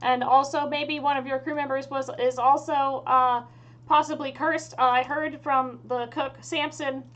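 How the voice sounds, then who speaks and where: A meek female crewmate, as a woman puts her on, nervous and deferential toward her captain. Her voice sits high, and she speaks with halting fillers and restarts. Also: flat delivery, fairly bright tone. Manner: hesitant, full of fillers and restarts.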